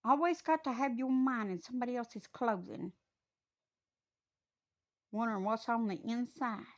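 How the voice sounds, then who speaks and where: A woman delivering a stern, scolding preaching monologue that rises into loud, fiery preaching. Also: fairly high pitch, normal speed.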